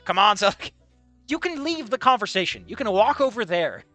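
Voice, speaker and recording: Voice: medium pitch, sing-song, brisk, pushed and bright, faint music behind. A streamer giving sarcastic, incredulous commentary on a visual novel and swearing freely. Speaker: let's play streamer.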